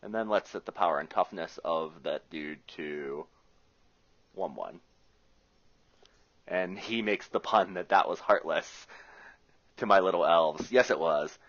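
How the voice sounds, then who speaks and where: Unhurried and prone to long pauses, this Rust Belt man has a low, slightly bright voice. He offers chatty, joking play-by-play of his own Magic game, reasoning aloud about each move, in a muffled lo-fi recording.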